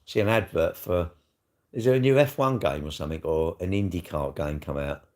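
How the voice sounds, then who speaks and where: A man's voice: low voice, fairly quick, darkish tone. A middle-aged man with a South East London accent, chatting casually on a live stream in a blunt, sweary, rambling way.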